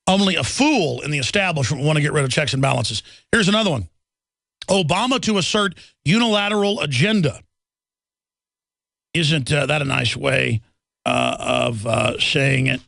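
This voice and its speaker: A man's voice: fairly high pitch, vocal fry, a bit bright, no echo, studio quality. A man hosting a political talk radio show, delivering an emphatic, indignant and sarcastic monologue.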